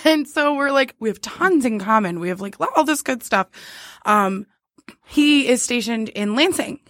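Young woman, animated storyteller, lively high voice, dry close sound. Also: moderate pace, no room sound. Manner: animated storytelling, laughing often. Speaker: podcast co-host. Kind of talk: casual chat.

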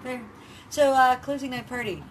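A woman co-hosts a podcast, chatting casually and telling stories packed with fillers. She has a high voice and talks at a normal speed, with slight background noise in the recording.

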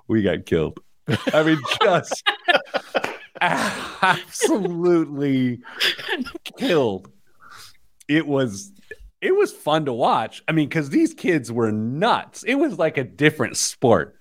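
A man's voice: a little high, huge pitch swings, slow, pauses often, no room sound, clean studio sound. An American man hosting a podcast, telling a self-mocking story in casual chat. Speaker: podcast host; youth soccer coach.

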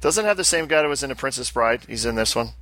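A man's voice: mid-range voice, expressive, fast, fairly bright tone, no room sound. A man hosting a casual podcast, upbeat and joking with his co-host and guests.

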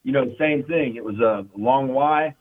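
A man telling war stories in casual, profane talk, full of fillers and repeated "you know what I mean". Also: mid-range voice. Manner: casual, profane, fast storytelling with frequent fillers. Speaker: military veteran guest. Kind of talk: casual storytelling. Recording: tinny phone-like sound.

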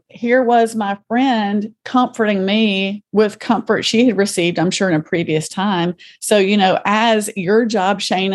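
A woman's voice: on the low side, darkish tone. A middle-aged woman guest telling her story earnestly, with compassion and vivid retelling. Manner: faith-centered, speaks with compassion. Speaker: podcast guest. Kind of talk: conversational interview.

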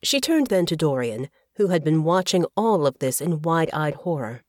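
A woman narrating an audiobook in a measured, even storytelling voice. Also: deep voice, dry recording, clean studio sound. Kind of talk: scripted narration.

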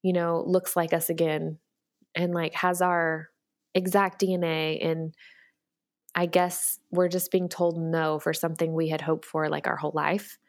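Woman guest, low and gravelly, candid storyteller, filler-heavy. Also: level tone, measured pace. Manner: earnest, candid, many fillers. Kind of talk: personal storytelling in conversation.

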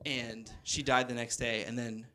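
Male stand-up comic in his thirties, bright tense voice, rambling story with acted-out quotes. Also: mid-range voice, little pitch movement, moderate pace. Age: 30s. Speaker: stand-up comedian. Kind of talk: stand-up comedy set. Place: stage before a laughing audience.

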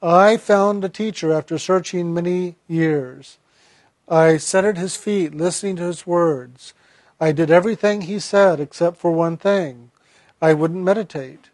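A man's voice: high voice, a little slow, a little mellow, dry recording. A man voicing a remorseful male soul who earnestly blames himself for refusing to meditate. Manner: earnest, self-blaming.

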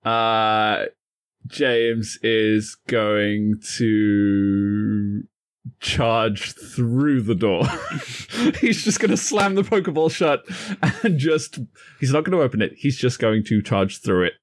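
Casting: man narrating his game character, slow and laughing a lot, pitch wide-ranging. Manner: giggly, animated. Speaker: player. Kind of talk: playing a tabletop role-playing game.

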